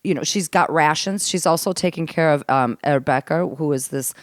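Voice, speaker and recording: A woman comedian telling a family story as a podcast guest, animated and given to laughter and swearing, dropping to a hush for the grim parts. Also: low-pitched, moderate pace, no room sound, studio quality. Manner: laughs often, swears casually. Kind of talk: casual storytelling chat. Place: host's home.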